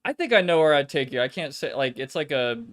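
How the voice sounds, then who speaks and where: A man's voice: fairly high pitch, big pitch swings, fairly quick, fairly bright tone. Rambling, foul-mouthed male streamer. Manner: rambling, swears often, laughs easily. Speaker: streamer playing a video game. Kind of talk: casual chat.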